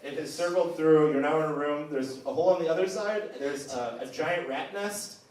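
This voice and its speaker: A man running a live comedy role-playing game as game master, narrating in an animated, laughing, halting way, recorded in an echoey room from a distance at a live comedy venue. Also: on the high side.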